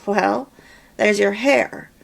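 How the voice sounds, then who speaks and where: A woman reading the part of a hurt husband who speaks hesitantly and haltingly. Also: medium pitch, creaky, exaggerated voice. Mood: hurt, earnest. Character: remorseful husband, a working man.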